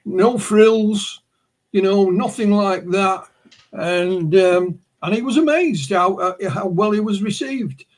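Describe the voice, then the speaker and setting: High-voiced northern English man. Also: takes it slowly. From north of England. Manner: anecdotal, with repeated "you know" and restarts. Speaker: author and interviewee. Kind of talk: conversational interview answers.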